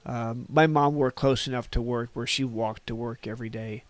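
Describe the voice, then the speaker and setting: A man's voice: medium pitch, steady tone, normal speed, no room sound. A man in his sixties from Northern California, a podcast guest telling old stories in a rambling, folksy way and chuckling at his own tales. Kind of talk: casual reminiscing storytelling.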